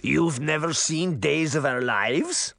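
A man's voice: a little high, slow, creaky, fairly bright tone, no room sound, studio quality, full character voice. A man voicing a crusty old female witch with a thick Russian accent, mocking and relishing her threats. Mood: gossipy.

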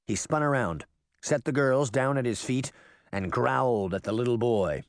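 A man narrating an audiobook with expressive storytelling. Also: mid-range voice, normal speed, no echo, clean studio sound. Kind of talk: scripted narration.

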